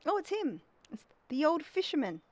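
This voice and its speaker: A woman streaming a game live, chatty and excitable as she reacts to the game and greets her chat. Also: high voice, normal speed. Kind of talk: live gameplay commentary.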